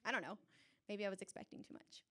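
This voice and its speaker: A young adult woman telling a personal story on stage before a live audience, animated and chatty, often laughing. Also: mid-range voice, quick pace.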